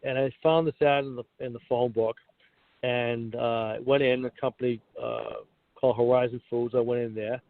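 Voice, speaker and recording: A middle-aged comedian, appearing as a guest in a casual interview, tells stories from his career and acts out the dialogue. His mid-range voice holds a steady tone at normal speed. The audio comes through a tinny call line, dry with no room sound.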